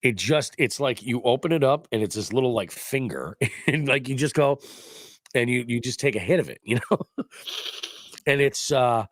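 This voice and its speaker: A man's voice: medium pitch, moderate pace, dry recording, clean studio sound. A congested middle-aged man hosting a podcast, chatting casually in a rambling, profane, joking way. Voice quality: stuffy, nasal. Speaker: podcast host. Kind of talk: casual chat. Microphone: studio mic.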